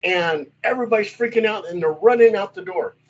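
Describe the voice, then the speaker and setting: A male paranormal investigator telling stories in casual chat, animated and acting out the voices in them. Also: sits high, brisk, highs cut off, slight background noise. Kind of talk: casual storytelling.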